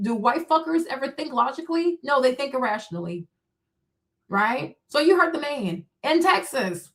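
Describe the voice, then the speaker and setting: A woman's voice: high voice, expressive, normal speed, a bit bright. A woman hosting a live stream, answering chat in a confrontational, mocking rant full of profanity and rhetorical questions. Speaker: streamer host.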